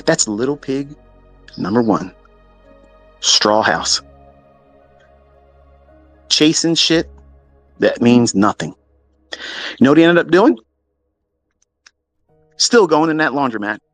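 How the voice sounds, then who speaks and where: A man telling a story in a profane, animated, mocking way, as a trading mentor talking to his audience. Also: mid-range voice, slow, long pauses, no echo, faint music behind. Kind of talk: casual storytelling monologue.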